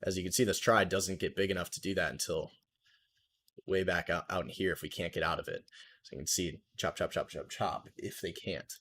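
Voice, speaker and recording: A young man hosting a live trading stream, talking casually through charts in a relaxed, jargon-heavy, think-aloud way. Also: deep voice, fairly quick. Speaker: trading livestream host. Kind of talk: casual live market commentary.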